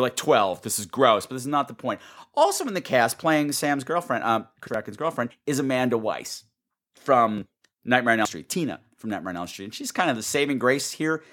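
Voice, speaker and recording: Excitable sarcastic man with a bright voice. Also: mid-range voice. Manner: excitable, sarcastic, swearing, acts out scenes in squealing voices. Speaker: podcast host. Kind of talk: ranting movie review. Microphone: home mic turned up high.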